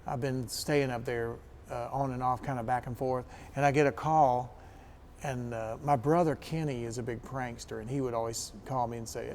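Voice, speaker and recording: A man's voice: medium pitch, brisk, slight background noise. A middle-aged man from Kentucky, a guest musician, telling stories in a casual interview and acting out the voices of the people in them. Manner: animated anecdotes, acts out quoted voices.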